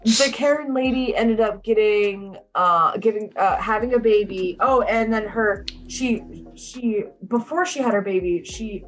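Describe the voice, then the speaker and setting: A woman's voice: medium pitch, unhurried, hardly any pauses. A young woman casually recapping a movie, blunt and chatty, swearing freely and saying "like" often.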